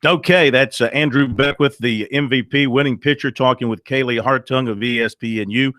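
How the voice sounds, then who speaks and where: A male sports radio host talking in a conversational way, recapping plays and filling gaps with little pauses. His voice sits in a middle register and sounds close and dry, with no room around it. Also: mid-range voice, steady tone, fairly bright tone, no room sound.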